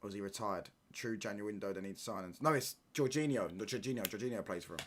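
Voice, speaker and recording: A man's voice: fairly low pitch, fast, a little hiss or hum. A young man chatting casually on a football watchalong stream, reading chat and bantering in slang with stop-start restarts.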